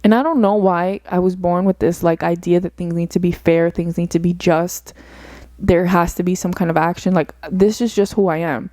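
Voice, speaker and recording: A young woman musing aloud on her own podcast, earnest and rambling, leaning on fillers as she thinks. Her voice sits a little low for a woman and has a soft, mellow tone. The sound is dry and close, with no room around it. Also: fairly even intonation, normal speed, dry recording. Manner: earnest, rambling, uses many fillers like "like" and "you know". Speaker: podcast host. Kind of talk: reflective solo podcast monologue.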